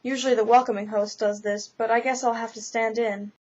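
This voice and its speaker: Woman reading as a brisk old spirit. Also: a little high, steady tone, darkish tone, a little hiss or hum, close to an everyday voice. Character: older spirit, grandparent, brisk and matter-of-fact. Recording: slightly dull lo-fi recording.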